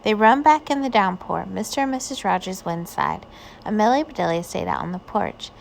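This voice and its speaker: A woman reading a children's picture book aloud, with gentle storytelling. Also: medium pitch, animated, a little fast, vocal fry. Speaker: reader.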